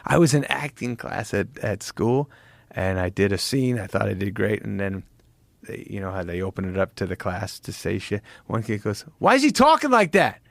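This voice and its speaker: A middle-aged man with a low, gravelly voice, talking casually as a podcast guest. He tells stories loosely, swearing and laughing as he goes. The sound is close and dry. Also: fairly even intonation, normal speed, dry recording.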